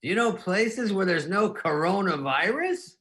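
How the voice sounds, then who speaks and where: A man doing an impression of a comedian friend: lonely, flat and plaintive, asking odd questions. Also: high voice, unhurried, pitched above the performer's own voice.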